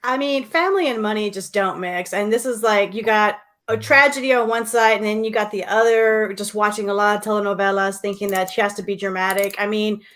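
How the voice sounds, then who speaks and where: A woman's voice: mid-range voice, fairly quick, hardly any pauses, fairly bright tone. A woman on a comedy panel, giving a blunt, sardonic take with casual swearing.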